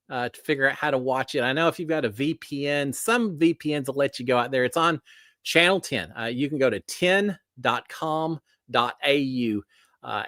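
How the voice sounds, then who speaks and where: A man's voice: mid-range voice, a bit bright, no room sound, studio quality. A man hosting a casual livestream, greeting viewers by name in a folksy way with lots of fillers. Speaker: livestream host.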